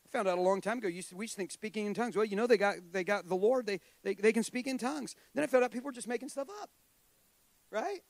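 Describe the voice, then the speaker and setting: High-voiced man preaching with jokes. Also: very fast, dry recording. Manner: humorous, conversational, self-deprecating asides. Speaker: guest preacher. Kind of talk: sermon.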